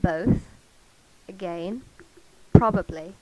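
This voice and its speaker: A woman's voice: lowish voice, takes it slowly, darkish tone, muffled recording. A woman chatting casually in a vlog, chatty and self-mocking with casual swearing, recorded on a cheap karaoke mic. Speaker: vlogger. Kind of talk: casual chat.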